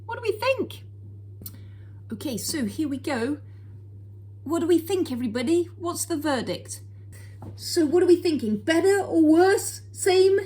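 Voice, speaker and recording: A woman hosting her own cooking vlog, chatting to viewers in a bright, high voice. She is bubbly and quick to giggle as she bakes and tastes. The sound has a noticeable echo from a home kitchen. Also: big pitch swings. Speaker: cooking channel host.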